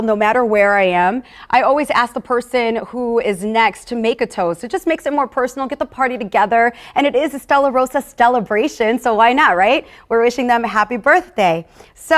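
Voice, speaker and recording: Chatty, upbeat woman hosting a tasting. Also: fairly high pitch. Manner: chatty and upbeat, with personal stories and asides; talks straight to viewers, calling them "you guys". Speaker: host of a live wine tasting. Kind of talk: casual live-stream hosting.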